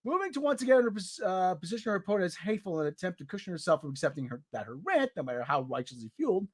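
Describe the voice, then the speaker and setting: A man's voice: sits high, big pitch swings, very fast, husky. A man hosting a casual podcast, reading out a news article with sarcastic, exasperated asides. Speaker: podcast host.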